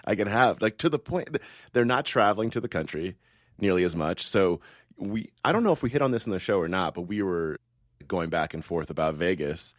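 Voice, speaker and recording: Low-voiced man tossing in quick jokes. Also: lively intonation, dry recording, studio quality. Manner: quick, joking asides. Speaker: podcast co-host. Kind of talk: casual investing chat.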